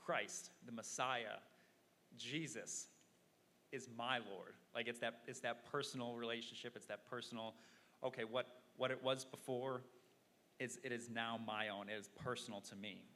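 A man's voice: medium pitch, steady tone, moderate pace, sharp tone. Earnest preacher man in a reverberant hall. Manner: earnest, repeats words while thinking. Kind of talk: sermon. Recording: long hall reverb, faint noise.

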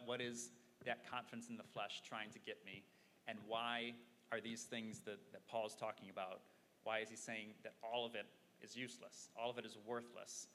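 Earnest preacher guy, lowish voice, stumbles over words, echoey hall. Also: fairly bright tone. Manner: earnest, repeats words while thinking. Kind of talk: sermon. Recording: long hall reverb, faint noise.

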